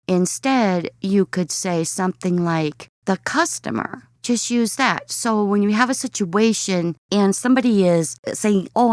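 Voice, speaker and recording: A woman's voice: medium pitch, dry recording, studio quality. A woman talking casually to viewers, giving earnest, slightly weary advice about work. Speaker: vlogger.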